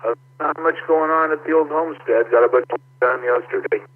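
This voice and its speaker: A man's voice: on the high side, fairly even intonation, a little fast, no room sound. A man checking in to a ham radio net, brief and matter-of-fact. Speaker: caller. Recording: tinny radio transmission.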